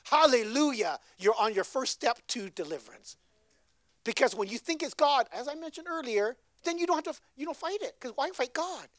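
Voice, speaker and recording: A woman's voice: high-pitched, lively intonation, normal speed, dry recording, studio quality. A woman preaching a sermon in a conversational way, often checking in with her listeners. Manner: conversational, keeps asking "right?".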